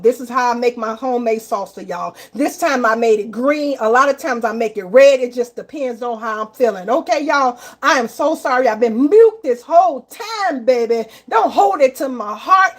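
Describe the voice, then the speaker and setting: Chatty high-voiced woman streaming live. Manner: chatty, apologetic, addresses viewers as y'all and baby. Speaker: live-stream cooking host. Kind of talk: casual live-stream chat.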